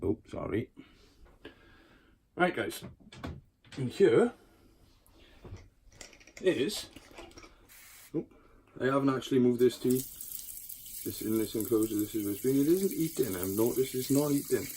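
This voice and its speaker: A man's voice: medium pitch, lively intonation, a little slow, long pauses, mellow, slight background noise. A man giving a casual room-tour vlog of his tarantulas at home in his bedroom. He chats freely, swears, and coaxes and scolds his spiders as he goes. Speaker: tarantula keeper showing his collection.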